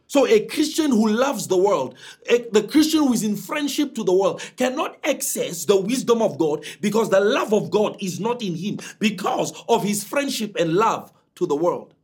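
Man preaching, high voice, husky, swoops way up and down. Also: expressive, moderate pace, darkish tone. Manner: emphatic preaching with dramatic pitch swings. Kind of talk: sermon.

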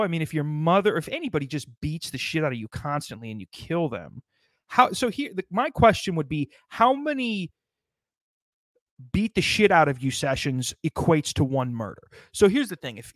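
A man's voice: on the high side, no room sound. A man delivering a rambling, sardonic comedic monologue, swearing constantly as he riffs.

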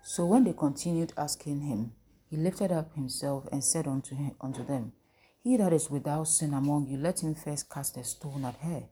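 A woman's voice: low-pitched, normal speed, dark tone, slight background noise. A woman teaching from the Bible, throwing questions to her listeners and waiting for them to answer. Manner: call-and-response, asks the listeners questions. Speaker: preacher.

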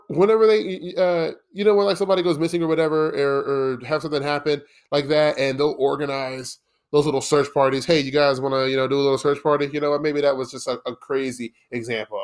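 Blunt profane man ranting on his podcast. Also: fairly high pitch. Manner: blunt, profane, rambling with frequent "okay?" asides. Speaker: podcast host. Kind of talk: solo podcast monologue.

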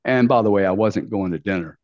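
A brash middle-aged man with a fairly low voice tells his stories bluntly, with slang and the odd swear word. The sound is dull and lo-fi, recorded close and dry with no room echo. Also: a little fast. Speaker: podcast guest. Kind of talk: casual storytelling interview.

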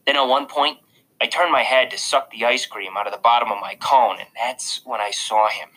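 A man's voice: medium pitch, normal speed, pushed and bright, poor audio. A man reading a first-person audiobook narration in a casual, confiding way.

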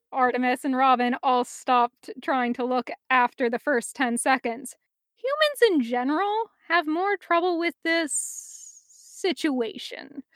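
A woman's voice: sits high, dry recording, studio quality. A young woman reading fan fiction aloud to friends in a giggly, easygoing way. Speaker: fan audiobook reader.

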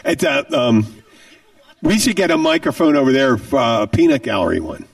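Animated man in casual chat. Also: medium pitch, normal speed, gravelly, dry recording, distant mic. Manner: animated, emphatic, repeats words.

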